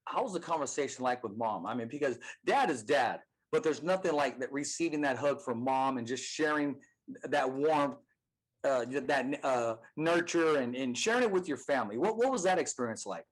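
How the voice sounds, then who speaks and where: A man hosts the podcast in a relaxed manner. His voice sits at a middle pitch, and he asks encouraging, friendly questions. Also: moderate pace, low-quality recording. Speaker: podcast host. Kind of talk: casual interview.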